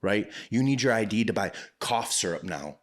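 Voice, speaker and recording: A man with a very deep voice holds forth on a casual podcast, swearing often. He tells his stories with rising heat and ranting energy. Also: normal speed. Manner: profane, ranting, animated storytelling. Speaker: podcast co-host. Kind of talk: casual chat.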